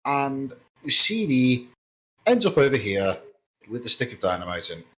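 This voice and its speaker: Dry, measured male game master. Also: medium pitch, big pitch swings, fairly bright tone, low-quality recording. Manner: dry, measured rulings with hesitant fillers. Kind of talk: running a tabletop game online.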